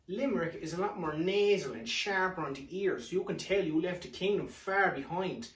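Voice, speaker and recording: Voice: medium pitch, moderate pace, hardly any pauses, far from the mic, a little hiss or hum. Irish performer in an echoey hall. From Ireland. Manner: playful, mimics regional accents. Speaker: stage performer. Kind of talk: comic stage monologue. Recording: roomy hall, voice from afar.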